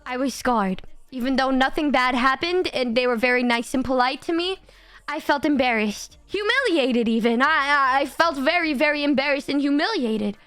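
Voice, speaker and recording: High-voiced, giggly young woman streamer. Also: normal speed, clear, resonant tone, dry recording, soft background music. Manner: animated, giggly, swears a lot. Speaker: livestreamer. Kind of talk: casual storytelling chat.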